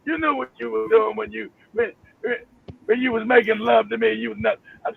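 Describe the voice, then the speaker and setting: A high-voiced man with a rough, husky timbre argues loudly and swears as he talks. He comes through a thin, tinny phone line. He is dry and close, with no room sound. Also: fairly quick. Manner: animated, profane, emphatic storytelling. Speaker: panel guest. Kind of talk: heated talk-show discussion.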